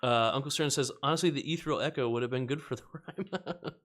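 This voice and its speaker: A man's voice: medium pitch, fast talker, fairly bright tone. A man hosting a casual card-opening stream. He chats, laughs often and reads the card text aloud. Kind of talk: casual chat while opening card packs.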